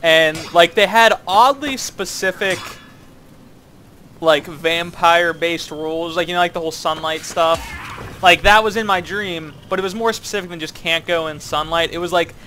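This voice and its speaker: Casual gaming chat from a man commentating a co-op game, his voice higher than average, pushed and bright, at a moderate pace. A slight hiss or hum is audible as he rambles playfully, heavy on fillers.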